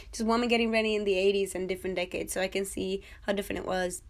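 A woman in her twenties hosting her own podcast, chatting excitedly and jokily about a TV episode and talking straight to her listeners. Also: mid-range voice, very fast, few pauses. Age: 20s. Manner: chatty, excitable, jokey, talks to listeners directly. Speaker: podcast host. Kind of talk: casual TV episode review.

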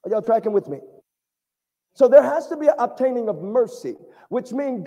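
A man's voice: extremely high pitch, very animated, normal speed, long pauses, mellow, lo-fi sound. A man preaching an impassioned sermon to a congregation, calling out for their responses. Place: church sanctuary. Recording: long reverb of a large hall.

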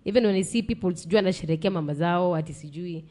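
On a podcast, a young Kenyan woman talks rapid-fire in a mellow, fairly low voice about a hurtful personal experience. She's blunt, slides back and forth between English and Swahili slang, and seems on the verge of crying.

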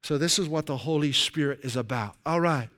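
A man's voice: on the high side, fairly quick, fairly bright tone. A middle-aged male pastor giving a conversational sermon, checking in with the congregation with frequent "right?"s.

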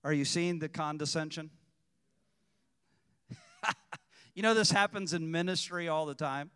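A male preacher with a smooth, resonant voice, pitched a little high, delivering a sermon. He moves from quiet teaching to loud exhortation. His voice rings with the long reverb of a church hall. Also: measured pace. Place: church sanctuary.

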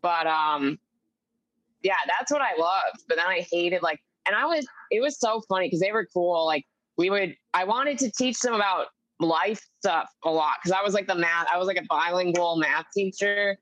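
Chatty young woman, low voice. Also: moderate pace, fairly bright tone, dry recording, poor audio. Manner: rambling, fills talk with "like", acts out quotes. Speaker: guest comedian. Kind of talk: casual chat. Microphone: video call.

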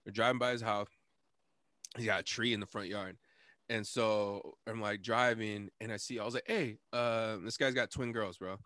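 A man's voice: lowish voice, fairly even intonation, normal speed, sharp tone, dry recording, studio quality. A young man hosting a podcast, telling a story in a casual, rambling, profane way and laughing often. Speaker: podcast host.

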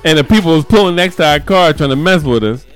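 A man in his forties telling a funny church testimony, animated and laughing often as he acts out quotes. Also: on the high side, fast talker, clear, resonant tone, soft background music. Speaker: church speaker. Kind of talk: humorous storytelling testimony.

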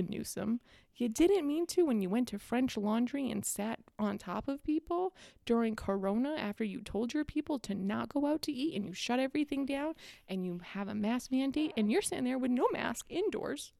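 A woman's voice: on the high side, gravelly, dark tone, no echo, studio quality. A young adult woman delivering a sarcastic, exasperated casual rant about politics. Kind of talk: casual ranting monologue.

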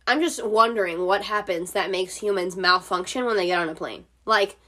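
A woman's voice: medium pitch, sharp tone. A woman hosting a casual solo podcast from home, telling stories in a chatty way, swearing freely and filling her talk with "like.". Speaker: podcast host.

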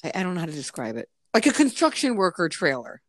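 A woman's voice: fairly low pitch, huge pitch swings, fast, no echo, clean studio sound. Chatty woman who laughs and swears. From United States. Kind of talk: casual chat, telling anecdotes.

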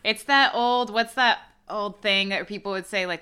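A woman's voice: mid-range voice, moderate pace, bright, forceful tone, clean tone. A woman co-hosting a podcast, chatting casually and sarcastically about a movie, laughing often. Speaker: podcast co-host. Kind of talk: casual movie review chat.

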